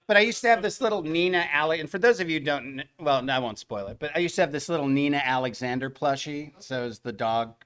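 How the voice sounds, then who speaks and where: Animated male storyteller at a panel. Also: a little high, fast talker, clean tone. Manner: animated, acts out the other people's lines in the story. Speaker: voice actor at a fan convention panel. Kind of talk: anecdotal storytelling to a live audience.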